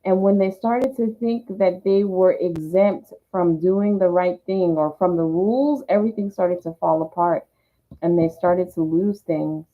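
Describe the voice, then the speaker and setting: A woman with a lowish voice, speaking a little slowly, does a tarot reading. She channels each card's message in first person, then explains it, and the audio sounds tinny, like a phone.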